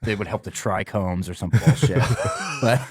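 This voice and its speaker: A man's voice: lowish voice, normal speed, husky, no echo. A man in his thirties telling a rambling personal story on a podcast, laughing as he goes. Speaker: podcast co-host. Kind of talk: casual storytelling chat.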